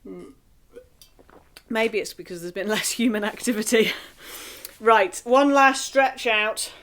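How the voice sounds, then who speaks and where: A woman leading a singing group through warm-up exercises, encouraging and playful, chanting rhythms and vocal sounds. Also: on the high side, slow.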